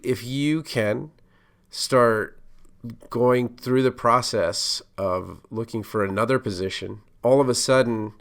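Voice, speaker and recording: A middle-aged man talks alone on his podcast in a relaxed, rambling way. His voice sits a little low. He fills his thoughts with "uh" and restarts sentences as he goes. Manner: casual, rambling, many fillers and restarts. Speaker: podcast host, pharmacist. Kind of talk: solo podcast monologue.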